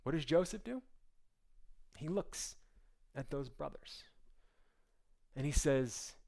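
Male pastor, animated storyteller, lively swinging pitch. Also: vocal fry. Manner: acts out the characters' lines in quick voices; animated and conversational, with many asides.

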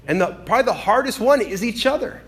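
A man delivering a sermon with a fairly high voice. He talks in a lively, conversational manner, often slipping into acted-out quotes. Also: fast talker. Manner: animated, conversational, acts out quotes. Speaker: preacher.

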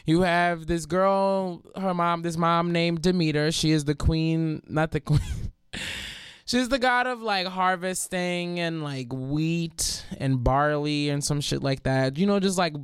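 A man's voice: on the high side, a bit bright, smooth, no room sound, studio quality. A young man hosting a casual podcast, retelling a myth in crude, rambling slang with lots of fillers. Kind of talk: casual comedic storytelling.

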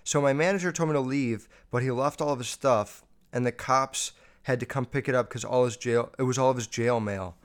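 A man hosts his show by reading listener messages aloud and reacting to each one. He swears freely and talks in an animated, off-the-cuff way. His voice sits at a plain middle pitch. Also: brisk, clear, resonant tone. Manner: profane, animated, riffing. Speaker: podcast host.

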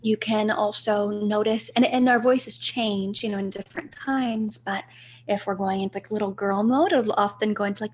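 A woman speaking as a podcast guest in a flowing, searching way, with a slight vocal fry. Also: medium pitch, fairly even intonation, normal speed, slight background noise. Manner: flowing, spiritual, searching for words. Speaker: guest, voice coach. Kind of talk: podcast interview.

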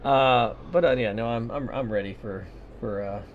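A man's voice: mid-range voice, normal speed, slight background noise. A man co-hosting a podcast, chatting casually with sarcasm, swearing and lots of fillers. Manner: sarcastic, rambling with fillers and mock voices. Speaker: podcast co-host. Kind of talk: casual profane banter. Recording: dull lo-fi podcast audio.

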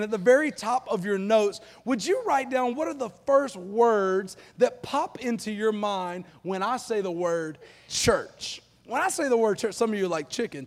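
A man preaching a live sermon to a congregation, lively and joking in a casual, down-to-earth way. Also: extremely high pitch. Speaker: pastor. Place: church auditorium. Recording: long reverb of a large hall.

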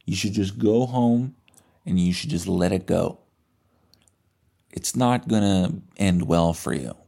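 A calm, menacing male abductor, as a man acts him out while retelling a movie. He coaxes quietly and evenly. The voice sits low, with a warm, mellow tone. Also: slow, creaky, exaggerated voice. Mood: coaxing.

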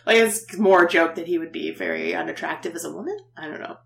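Lady podcast host recapping a tv ep, low-ish gravelly voice, laughs a lot. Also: fast. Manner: chatty, laughs often, trails off and restarts. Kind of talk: casual chat recapping a TV episode.

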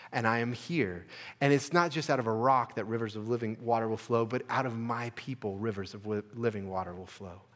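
A man preaching a sermon as pastor, earnest, building to emphatic peaks and dropping to soft, quiet stretches. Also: a little high, big-room sound. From United States. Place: church sanctuary.

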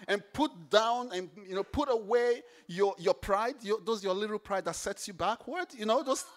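A man preaching a sermon, animated, repeating phrases for emphasis and swinging from hushed to loud. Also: high-pitched, normal speed.

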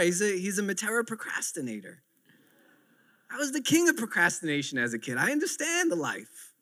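A man's voice: extremely high pitch, big pitch swings, fairly quick, pushed and bright. A man in his thirties preaching a sermon with earnest, repetitive emphasis. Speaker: pastor.

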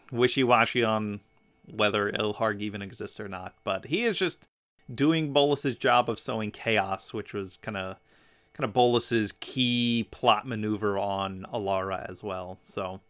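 A man co-hosting a podcast in a casual fan discussion, animated and prone to mocking asides. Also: fairly low pitch, a little slow, smooth. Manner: animated, acts out quotes in mocking voices. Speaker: podcast co-host.

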